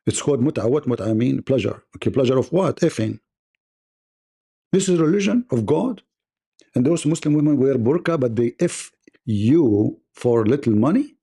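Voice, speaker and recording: A man's voice: medium pitch, brisk, warm tone, slightly rough. A man hosting a livestream debate, delivering a mocking, combative monologue.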